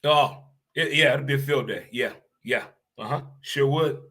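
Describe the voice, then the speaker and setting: A man hosting his own podcast, ranting in an animated, blunt way and repeating phrases for emphasis. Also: medium pitch, normal speed, breathy edge. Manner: blunt, occasional swearing. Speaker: podcast host. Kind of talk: solo opinion rant.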